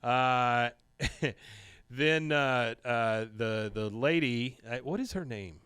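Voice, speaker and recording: A man co-hosting a podcast, casually retelling an episode with animated storytelling and bursts of voices. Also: mid-range voice, slow, clean tone, no room sound. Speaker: podcast co-host. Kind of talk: casual chat recapping an episode.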